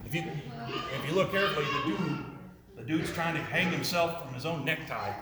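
With a crowd audible behind him, a man speaks at a moderate pace in a slightly high voice. He presents slides, asks listeners questions, repeats himself, and makes jokey asides, recorded in a roomy space with faint noise.

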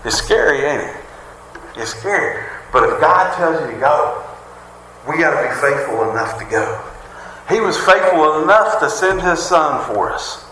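A man's voice: on the high side, lively intonation, unhurried, pushed and bright, a little hiss or hum. A man preaching a sermon, folksy and conversational, full of jokes and rhetorical questions. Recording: roomy hall reverb.

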